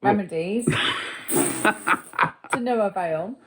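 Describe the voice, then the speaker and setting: A woman's voice: medium pitch, a little slow, a little hiss or hum. Mock-serious woman with hiccups. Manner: mock-serious, deadpan grumbling. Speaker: podcast co-host. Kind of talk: casual chat.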